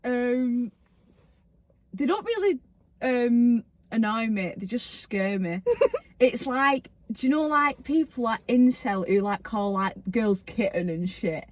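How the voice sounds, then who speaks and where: A woman's voice: on the high side, lively intonation, slow pace, no echo. A young woman, chatting casually in a parked car, swearing freely and acting out quotes. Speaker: podcast co-host. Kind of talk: casual chat.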